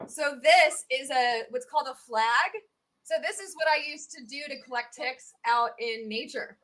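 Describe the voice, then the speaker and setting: A woman with a Southern US accent, talking as an expert guest in a casual interview, chatty and animated with many fillers. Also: high-pitched, normal speed.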